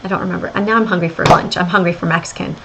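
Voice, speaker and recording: A woman's voice: on the low side, steady tone, rapid-fire, very noisy. A middle-aged woman with a slight Southern American accent, hosting a casual stock and crypto livestream from home and chatting with viewers as she goes. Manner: chatty, reads viewer comments aloud, thinks out loud. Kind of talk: casual market livestream chat. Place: home room during renovation work.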